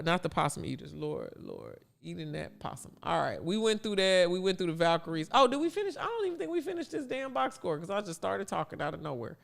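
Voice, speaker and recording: A man hosting a casual sports talk livestream, chatty and blunt with animated asides. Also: high-pitched, vocal fry, clear, resonant tone. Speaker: livestream host.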